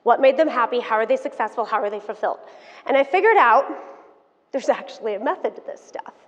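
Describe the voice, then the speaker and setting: A woman in her thirties giving a motivational keynote talk, telling her story in an animated, frank and playful way to the audience. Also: on the high side, quick pace. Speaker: keynote speaker. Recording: dull sound, long hall reverb.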